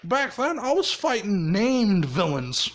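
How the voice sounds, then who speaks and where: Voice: medium pitch, very animated, slow. A storyteller doing a salty bored young hero. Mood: grumbling. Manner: complaining, swearing.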